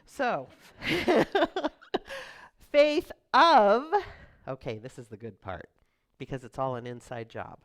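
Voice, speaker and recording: A middle-aged woman minister giving a chatty, storytelling sermon with quick asides. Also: very deep voice. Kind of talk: conversational sermon.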